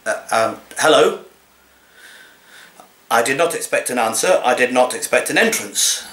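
A male actor giving an expressive reading of comic poems in a cat's voice, swinging from low murmurs to plaintive high pleas. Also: unhurried, long pauses, roomy sound.

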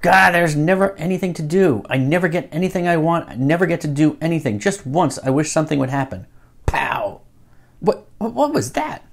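A man, the book's author, reading his graphic novel aloud in an expressive, comic way. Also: a little high, quick pace, hardly any pauses. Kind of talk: animated read-aloud narration.

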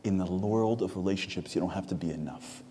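A man giving an inspirational sermon in a synagogue, telling stories with rising, animated energy. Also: low-pitched, brisk, long reverb tail, slight background noise. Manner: storytelling, builds to loud animated peaks. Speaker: speaker at a Tisha B'Av program. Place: synagogue hall.

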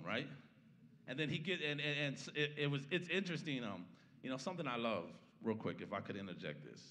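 A man with a mid-range voice preaches a sermon in a church sanctuary, sounding animated and a little fast, with a sharp tone that echoes through the large hall. He talks conversationally, often checking in with the congregation by asking "right?", and he opens with a prayer before teaching the Bible passage.

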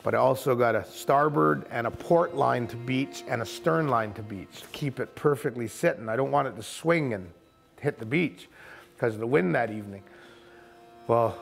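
A man with a creaky, medium-pitched voice, a camp owner, vividly recounts an encounter outdoors in an animated storytelling interview. He acts out the voices of the people he quotes. He's speaking outdoors at a forested coastal camp.

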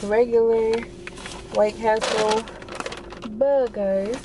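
A woman's voice: fairly high pitch, very slow, background noise. A young woman, chatting casually to viewers as she reviews food in a car on her phone. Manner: chatty, animated, talks to viewers as y'all. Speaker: vlogger.

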